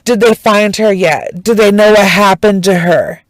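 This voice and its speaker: Slow-talking woman doing a true crime storytime, emotional, swears a lot, dry close sound. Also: mid-range voice, no room sound, poor audio. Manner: emotional, swears freely, emphatic.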